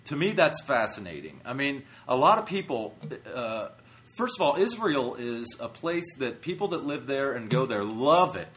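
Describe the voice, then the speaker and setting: A man's voice: medium pitch, sing-song, normal speed, a bit bright, a little hiss or hum. A man hosting a casual interview, chatty, asking questions and reacting with short asides. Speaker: interviewer host.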